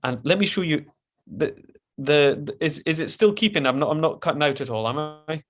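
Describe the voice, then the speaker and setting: A man's voice: a little high, lively intonation, fairly quick. A man leading an online poetry workshop over a video call, chatty and encouraging, with frequent restarts.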